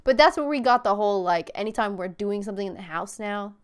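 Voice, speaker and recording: A woman's voice: medium pitch, lively intonation, quick pace, clear, resonant tone. A young woman hosting a video game podcast, chatty and casual, laughing often and swearing freely. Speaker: podcast host.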